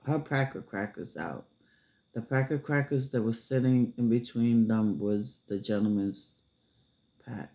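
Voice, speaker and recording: A man telling a story casually, unhurried, with many filler pauses. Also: medium pitch, a little mellow.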